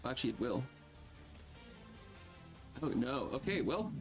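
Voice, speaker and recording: A man narrating a tabletop game as game master, animated and laughing often, with lots of "like" and "uh". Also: medium pitch, unhurried, faint music behind.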